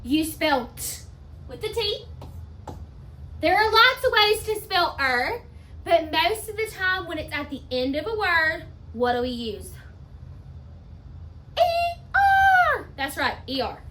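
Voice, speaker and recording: A woman teacher giving a spelling lesson, talking slowly and emphatically and sounding words out part by part. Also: very high-pitched, expressive, bright, forceful tone. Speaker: elementary school teacher.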